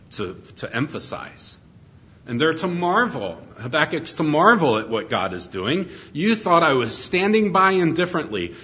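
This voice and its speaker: A middle-aged man delivers an expository sermon in an earnest, emphatic way, leaning on rhetorical questions to draw his listeners in. His voice sits at an ordinary middle pitch. The recording is somewhat dull and lo-fi. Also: fairly bright tone. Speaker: pastor.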